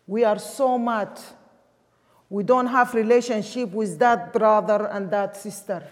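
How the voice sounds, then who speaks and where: A woman's voice: mid-range voice, steady tone, unhurried. A woman from Sudan, preaching a sermon emphatically in English. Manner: emphatic, with non-native English grammar. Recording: long hall reverb.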